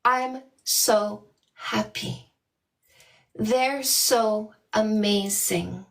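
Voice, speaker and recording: A woman's voice: mid-range voice, drawn-out words, creaky, recorded from a distance. A middle-aged woman from Canada, a dating coach, talking casually to viewers on a livestream and greeting them by name in a playful way.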